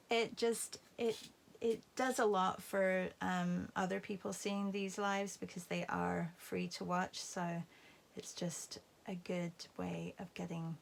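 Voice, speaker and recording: A woman's voice: fairly low pitch, creaky, slight background noise. A woman teaching a live painting class, chatting and thinking aloud as she paints. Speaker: art teacher. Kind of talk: live painting demo, casual commentary.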